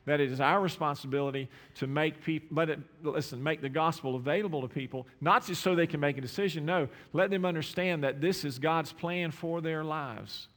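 A man preaching a sermon, impassioned, repeating words and swinging from quiet asides to raised exclamations. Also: on the high side, brisk, few pauses. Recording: long hall reverb.

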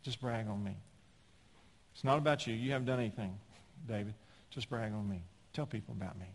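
A male preacher voicing God as a calm, patient fatherly figure who speaks low and quietly, with a long hall reverb. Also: fairly quick. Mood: gentle.

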